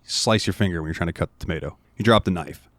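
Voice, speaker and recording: A man's voice: low voice, fast, no room sound. A man co-hosting a casual podcast, rambling through a game's story with lots of fillers. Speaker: podcast co-host.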